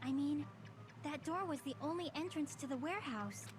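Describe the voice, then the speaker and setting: A calm young female student, voiced by a woman in a dubbed game, explaining a deduction in a high voice. She goes step by step and never hurries. Clear game music sits behind her. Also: normal speed, lightly acted. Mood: methodical. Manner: calm, methodical.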